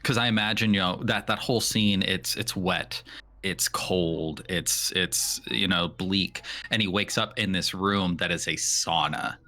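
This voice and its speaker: A man's voice: low voice, a little slow, pushed and bright. A man playing a tabletop game, thinking aloud and hesitating as he describes his character's actions. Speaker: player. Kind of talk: casual game talk.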